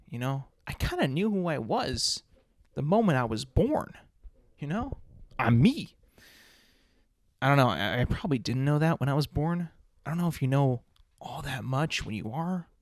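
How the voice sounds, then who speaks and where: A man hosts a podcast in a casual comedic monologue, rambling through restarts and rhetorical questions. His mid-range voice has a sing-song lilt and a moderate pace. The recording is dry and studio quality.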